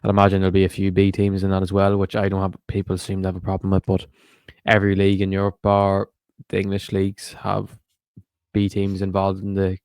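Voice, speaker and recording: A man with a low, gravelly voice that keeps an even, flat pitch. He talks football in a matter-of-fact way and likes to tease his co-host, recorded close and dry. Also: brisk, no echo. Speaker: podcast co-host. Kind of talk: casual football podcast chat.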